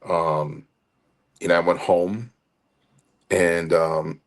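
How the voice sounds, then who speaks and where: A man's voice: sits low, extremely slow. A man in his late fifties, a retired wrestler, telling long stories as an interview guest, full of restarts and acted-out quotes. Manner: animated storyteller with many restarts and acted-out quotes. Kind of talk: storytelling interview.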